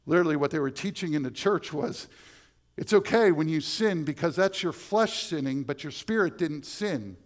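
Male pastor, fairly high voice, preaches with big swings between quiet and loud. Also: expressive, moderate pace. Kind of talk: sermon.

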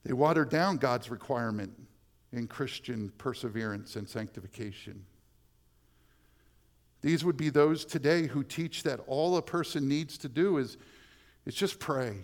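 A man preaching a sermon as pastor, swinging from hushed, slow lines to loud, emphatic ones. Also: medium pitch.

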